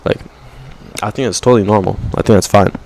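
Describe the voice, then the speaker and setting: A man's voice: fairly even intonation, fast, gravelly, a little mellow. A young man talking to camera in a rambling, profane rant, often saying "bro" and mocking others in put-on voices. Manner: mocking put-on quotes in higher voice. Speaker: vlogger.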